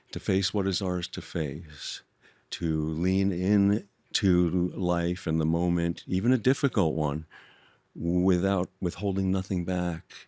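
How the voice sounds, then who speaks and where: Older man, very low voice, gentle and reflective, dry studio sound. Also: dry recording. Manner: gentle, thoughtful, halting with restarts. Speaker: guest author. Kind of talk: reflective storytelling conversation.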